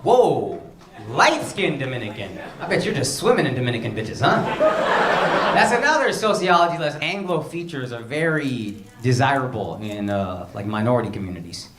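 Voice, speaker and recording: A man's voice: mid-range voice, big pitch swings, normal speed, heavy background noise. A man doing profane stand-up crowd work on a club stage, teasing audience members. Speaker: stand-up comedian. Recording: live club recording, loud crowd laughter.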